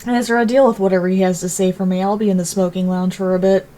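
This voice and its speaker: A woman narrating a story in the first person with an even, deliberate reading. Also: mid-range voice.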